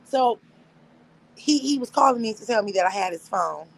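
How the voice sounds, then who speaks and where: A woman's voice: a little high, normal speed, gravelly, rough recording. A young woman hosting a livestream, telling a story casually, with frequent laughter, profanity. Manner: animated, profane, laughs often. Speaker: livestream host.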